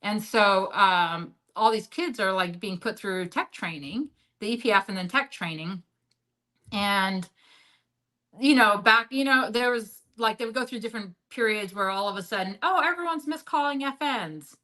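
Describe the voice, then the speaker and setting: A woman guest in an interview, telling a story bluntly with a lot of swearing and filler words, swinging from high excited bursts to low muttered asides. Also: moderate pace, low-quality recording. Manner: blunt and heavily profane, leans on "like" as a filler; animated, jumps up and drops low in pitch and loudness. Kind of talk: candid storytelling in a sit-down interview.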